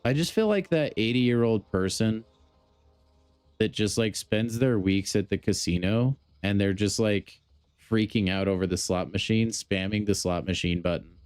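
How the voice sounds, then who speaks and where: A man's voice: lowish voice, moderate pace, darkish tone, clear, resonant tone, no echo. A man chatting casually on a gaming live stream, joking and talking straight to his chat. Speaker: game streamer.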